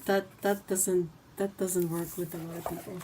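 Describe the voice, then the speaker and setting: A woman's voice: on the low side, little pitch movement, normal speed, background noise. A woman hosting a casual livestream, chatting and reading viewer comments aloud. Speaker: livestream host.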